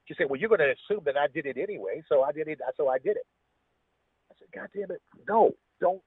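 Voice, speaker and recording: A man with a husky voice, a podcast guest telling a personal story in a rambling way, restarting his sentences often. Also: fairly high pitch, lively intonation, quick pace, no room sound. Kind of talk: casual storytelling. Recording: tinny, phone-like dry sound.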